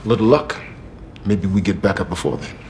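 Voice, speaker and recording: An actor playing a brisk, businesslike police supervisor in a TV crime drama. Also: male voice, sits low, background noise.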